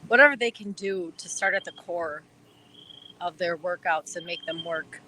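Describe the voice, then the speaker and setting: Wisconsin woman on a podcast, bright voice, rambly and excited, um's everywhere, faint hiss behind. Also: fairly low pitch, normal speed, rough recording. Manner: eager, rambling, lots of fillers. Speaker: podcast guest. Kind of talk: casual chat.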